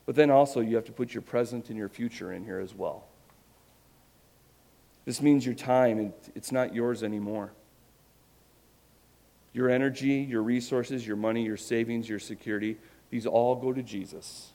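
A man's voice: mid-range voice, moderate pace, creaky, long pauses, mellow. A man preaching a sermon, earnest and emphatic, with self-deprecating humor. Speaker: pastor.

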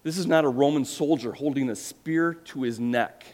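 A middle-aged male pastor preaching a sermon, retelling a story with animated emphasis and acted-out quotes. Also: medium pitch, moderate pace.

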